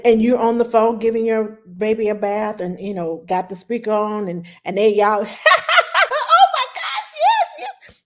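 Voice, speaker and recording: A middle-aged woman, a nanny, giving casual baby-care advice in an animated, expressive way, sometimes dropping to a low, soothing tone.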